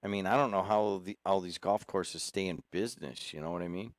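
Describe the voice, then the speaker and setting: Radio host, man, lowish voice, dry studio sound, rambling and teasing. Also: a little fast, no room sound. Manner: chatty, rambling, friendly teasing. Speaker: radio talk show host. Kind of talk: casual call-in chat. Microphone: studio microphone.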